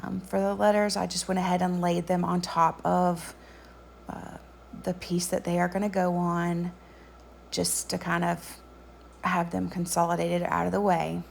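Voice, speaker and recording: A woman narrating a craft tutorial voice-over in a relaxed, chatty way with frequent ums. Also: on the low side, measured pace, vocal fry, slight background noise.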